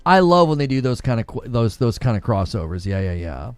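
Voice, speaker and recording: Lively, animated man chatting casually. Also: mid-range voice, brisk, no echo, soft background music. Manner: rambling, many fillers, laughs easily. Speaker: gaming news podcast host. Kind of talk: casual chat.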